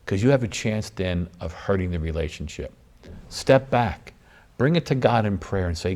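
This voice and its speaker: Deep-voiced priest, earnest and preacherly. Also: male voice, lively intonation, moderate pace, darkish tone. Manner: earnest, preacherly, builds emphasis through repetition. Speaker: priest and author, guest. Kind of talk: interview talk about forgiveness.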